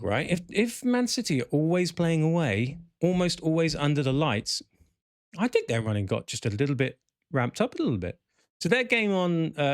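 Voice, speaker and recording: A man's voice: fairly high pitch, dry recording, studio quality. A man hosting a live podcast in a chatty, rambling way, correcting himself and reading out viewer comments. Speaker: podcast host. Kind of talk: casual live podcast chat.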